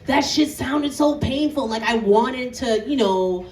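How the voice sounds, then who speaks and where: A woman in her thirties from Canada doing a stand-up comedy set on an outdoor stage, animated and laughing through her punchlines. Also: a little high, a little slow. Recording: echoey outdoor set from a distance, crowd laughter.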